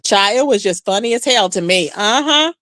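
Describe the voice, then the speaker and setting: A woman's voice: medium pitch, moderate pace, dry recording. A woman hosting a live stream, chatting casually with viewers and reacting to comments with lots of "child". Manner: chatty, animated, says "child" often.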